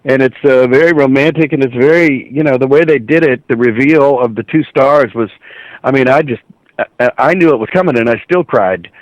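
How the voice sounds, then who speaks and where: Middle-aged male guest, lively storyteller who acts out quoted lines; dry, muffled recording. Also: mid-range voice, fairly quick, dry recording. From Ohio, USA. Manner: animated anecdotes, acts out quoted voices. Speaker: voice actor, guest. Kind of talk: casual storytelling interview.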